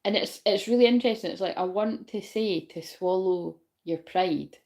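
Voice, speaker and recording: A woman's voice: mid-range voice, moderate pace, gravelly, darkish tone. A woman giving a casual, rambling spiritual reading to viewers. She swears freely, laughs often and keeps asking whether they know what she means. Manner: laughs often while talking. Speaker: spiritual reader.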